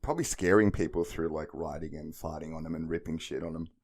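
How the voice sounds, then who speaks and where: A man's voice: extremely low pitch, quick pace, a little mellow. A man co-hosting a podcast, chipping in with dry, crude jokes. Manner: dry joking interjections. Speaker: podcast co-host. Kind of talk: casual chat.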